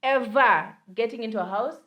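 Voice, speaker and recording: A young woman with a Kenyan accent tells a story on a podcast in a lively, animated way. She slips Swahili slang into her English and keeps the chat casual and personal. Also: fairly high pitch, normal speed, dull audio. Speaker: podcast co-host.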